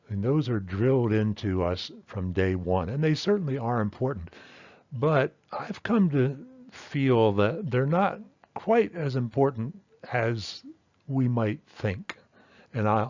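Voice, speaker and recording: A man's voice: medium pitch, a little mellow, dry recording. Thoughtful male teacher, dry muffled sound. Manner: thoughtful, with fillers and self-corrections. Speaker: language teacher. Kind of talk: explanatory lesson talk.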